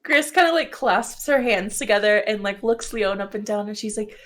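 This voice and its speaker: A woman's voice: medium pitch, normal speed, hardly any pauses, fairly bright tone. A woman playing a tabletop role-playing game, describing her character casually with lots of fillers. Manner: chatty, lots of "kinda, like". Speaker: player.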